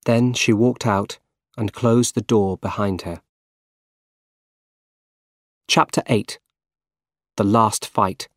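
A man reading a simple storybook aloud in slow, clear, carefully paced narration. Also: on the low side, darkish tone, no echo, clean studio sound. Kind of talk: scripted narration of a graded reader story.

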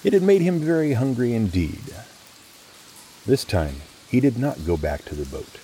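A man hosting a podcast, reading a script with expressive, playful storytelling. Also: medium pitch, moderate pace, a little hiss or hum. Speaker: podcast host.

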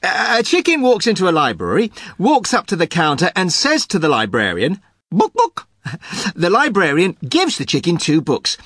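A man's voice: high-pitched, huge pitch swings, normal speed, hardly any pauses, fairly bright tone, slightly rough, no echo. Man, joke telling, storytelling manner, dry close sound. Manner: storytelling, chuckling at his own jokes. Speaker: podcast producer.

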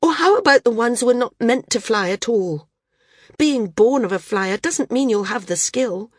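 A woman's voice: on the high side, lively intonation, moderate pace, dry recording, clean studio sound, pitched above the performer's own voice. A woman reading the part of an impassioned female flyer pleading her case before an assembly.

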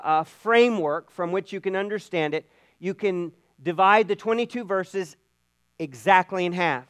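A man's voice: sits high, clear, resonant tone, no room sound. A man preaching a sermon in an earnest way, often repeating words as he builds a point. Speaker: pastor.

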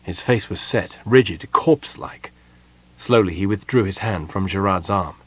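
A man reading a story aloud as an audiobook narrator, with measured delivery. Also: deep voice, slightly rough, no echo. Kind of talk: scripted narration.

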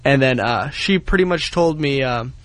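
A man's voice: mid-range voice, animated, moderate pace, a bit bright, dry recording. Young man in a dry studio, chatty and rambling, telling his story on air. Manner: rambling, many fillers, heated retelling. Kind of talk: casual storytelling.

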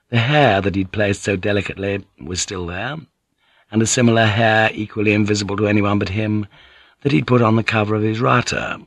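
A male audiobook narrator with a low voice and a measured, even delivery. The recording is dry and close. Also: dry recording. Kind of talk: scripted narration.

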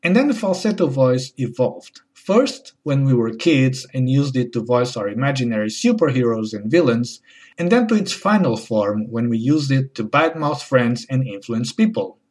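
A man delivering a wry, deadpan comedy monologue as host. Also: medium pitch, moderate pace. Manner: deadpan, wry, switching into mocking voices.

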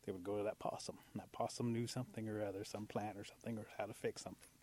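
A man telling a traditional animal folktale aloud in an animated way, leaning on the key words. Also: lowish voice, very fast. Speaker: storyteller. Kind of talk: oral folktale storytelling.

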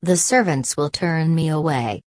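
A woman voicing a sad, humble young woman in a storybook reading, speaking softly. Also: deep voice, unhurried, no echo, clean studio sound. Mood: downcast.

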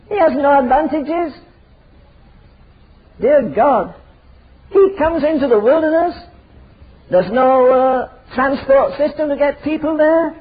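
An older man preaching a fiery, emphatic sermon full of rhetorical questions. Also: very high-pitched. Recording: tinny phone-like sermon recording.

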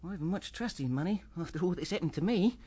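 An actor playing a humble, plain-spoken young shopkeeper in a radio drama. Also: male voice, high voice, animated, fast, mellow, slightly rough. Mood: earnest. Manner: modest, homely, plain-spoken.

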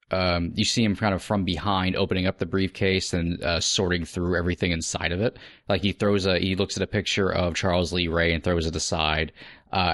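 A man's voice: low voice, a bit bright, no echo, clean studio sound. A man co-hosting a movie podcast, describing deleted scenes with frequent ums and likes. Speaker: podcast co-host. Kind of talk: casual movie commentary chat.

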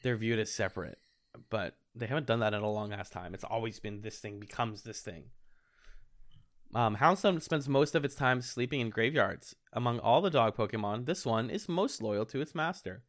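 A man's voice: mid-range voice, normal speed. A man co-hosting a podcast in casual chat, playful and jokey, laughing at his own lines. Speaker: podcast co-host.

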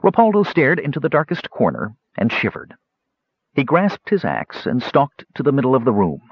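A man reading a fantasy novel aloud as audiobook narrator, expressive and voicing the characters. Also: mid-range voice, moderate pace, husky, no room sound. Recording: dull lo-fi dry recording.

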